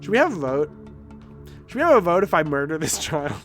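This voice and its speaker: A man cracking jokes and swearing freely as he streams a game. His voice sits a little high for a man and swings around animatedly. Faint music plays behind him. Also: very animated, quick pace, a bit bright. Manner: profane, joking. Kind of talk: casual let's-play commentary.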